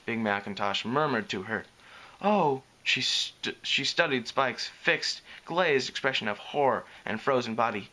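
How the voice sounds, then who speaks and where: A man reading a story aloud with a lively delivery, correcting small slips as he goes. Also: mid-range voice, measured pace. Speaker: reader. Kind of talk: reading fan fiction aloud.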